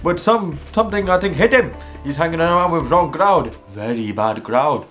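Brief: a young man doing a high, earnest accented teacher, put-on Indian accent, broken English, fretting to a parent. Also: animated, moderate pace, a bit bright, soft background music. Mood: pleading. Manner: broken English, pleading and solemn. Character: fussy accented male schoolteacher, worried and earnest.

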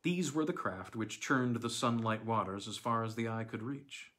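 A man narrating a classic novella in the first person, with a measured, theatrical reading. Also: medium pitch, a bit bright. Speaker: audiobook reader.

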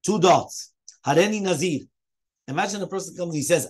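A man's voice: a little high, fairly quick, breathy edge. A man, a rabbi, teaching a Talmud lesson, explaining step by step as he poses questions and answers them.

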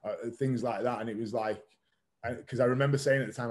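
A man's voice: medium pitch, steady tone, fast, a little mellow. A man in his thirties, a podcast guest, telling his story frankly and casually, swearing now and then and using lots of "like" fillers. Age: 30s. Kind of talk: candid conversational storytelling.

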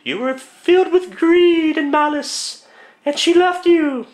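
A man voicing a towering female ghost of the past in a lofty, drawn-out falsetto, in a one-man comedic radio play. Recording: roomy echo, distant mic.

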